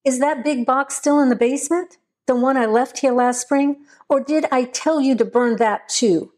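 Woman reading as a hot-tempered young man on the run, swearing and demanding, pitched fairly high. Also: moderate pace, a little mellow, natural voice. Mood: furious.

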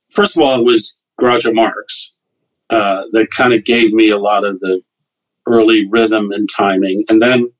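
A man's voice: lowish voice, low-quality recording. A man, a comedian guest, telling loose anecdotes with fillers and restarts in a casual interview.

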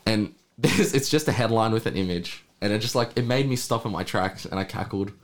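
A slightly hoarse young man, hosting a casual podcast chat, rambling, swearing and laughing. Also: lowish voice, fairly quick. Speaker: podcast host.

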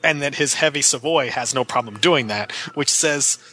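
A man's voice: medium pitch, moderate pace, bright, forceful tone, low-quality recording. A man in casual movie review chat, wry, talking in long run-on riffs.

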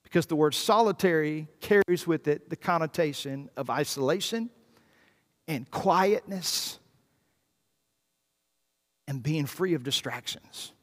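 A man, a pastor preaching a sermon, swinging from hushed, quiet passages to loud, emphatic ones. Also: a little high, unhurried, pauses often. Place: church sanctuary. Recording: long reverb in a church hall.

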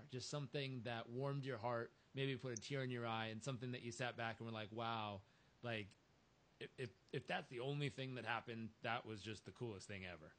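A man's voice: mid-range voice, slight background noise. A man interviewing a guest, asking questions earnestly and stumbling a little over his words. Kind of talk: casual interview.

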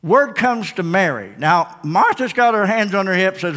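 A man's voice: high-pitched, animated, moderate pace, fairly bright tone. A man preaching a sermon, retelling a story dramatically and firing rhetorical questions at the congregation. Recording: long hall reverb.

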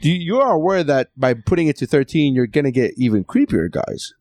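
A young man hosting a podcast, a comedian telling a profane story in an animated way. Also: mid-range voice, fast talker, no echo.

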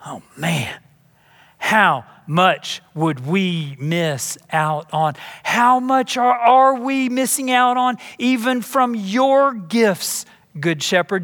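A pastor from Texas preaching a sermon in a church, emphatic and full of rhetorical questions. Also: male voice, high voice, expressive, slow, bright, forceful tone. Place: church sanctuary. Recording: long reverb in a big hall.

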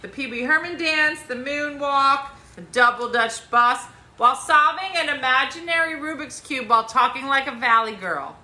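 Lady host running a silly trivia game, teasing, super bright voice, echoey room. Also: high voice, normal speed. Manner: teasing, laughs often. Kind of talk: playful trivia game chat.

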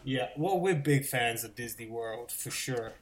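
A man's voice: mid-range voice, unhurried. A man from the UK whose accent has drifted toward American, chatting casually and telling stories, often repeating his first words before a sentence gets going. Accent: mixed British and American. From United Kingdom. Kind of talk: casual chat.

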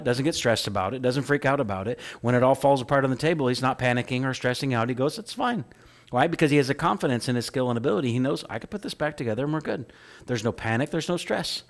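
A man preaching a sermon as pastor, talking with the congregation and swinging between loud emphatic lines and soft hushed ones. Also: mid-range voice. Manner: conversational, asks the congregation "right?".

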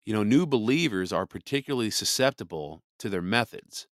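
A podcast host walks through scripture in a loose, conversational commentary, leaning on "you know" as he goes. His voice sits on the low side for a man and sounds dry and close, with no room around it. He hits his points with a preacher's emphasis. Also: animated, fairly quick, no room sound. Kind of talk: casual Bible commentary.

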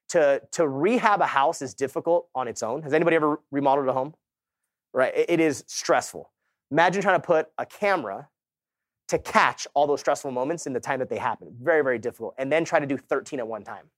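Middle-aged guy on stage telling his story to a crowd, lively asides, dry close sound. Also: medium pitch, dry recording. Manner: casual, animated storytelling with quoted dialogue and audience asides. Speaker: keynote speaker. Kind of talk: motivational conference talk. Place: conference stage.

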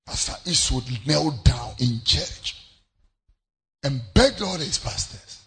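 Impassioned Ghanaian preacher, gravelly and hoarse. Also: male voice, a little high, animated, slow, soft background music. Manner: impassioned, repeats phrases, bursts into shouts. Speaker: pastor. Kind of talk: sermon.

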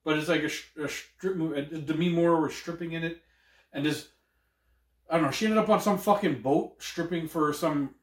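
A man's voice: fairly high pitch, normal speed. A married man hosting his own podcast in loose chat. He swears freely and laughs a lot. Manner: loud, profane, laughs often. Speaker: podcast host. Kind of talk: casual chat. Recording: echoey room, mic at a distance.

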